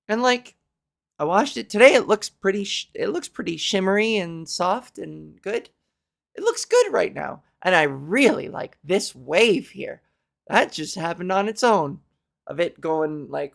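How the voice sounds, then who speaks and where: A woman's voice: mid-range voice, lively intonation, measured pace, creaky. A woman comedian hosting her own podcast, rambling in a profane, self-mocking casual chat. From Canada.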